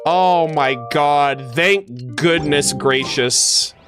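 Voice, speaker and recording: A young man streaming his reaction to a game, emotional and exclaiming loudly as the story plays out. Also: fairly high pitch, extremely slow, soft background music. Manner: emotional, loud exclamations and swearing. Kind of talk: excited gameplay reaction.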